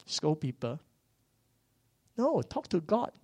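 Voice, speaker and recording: A man, preaching a sermon that swings from loud bursts to hushed asides. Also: high voice, expressive, normal speed, dry recording, studio quality. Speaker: pastor.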